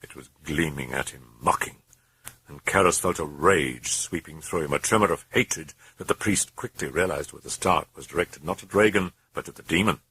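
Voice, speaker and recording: A man's voice: rumbling low, moderate pace, sharp tone, slightly rough, no echo. A man narrating a horror novel aloud in an intense, brooding way. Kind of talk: dramatic horror audiobook narration.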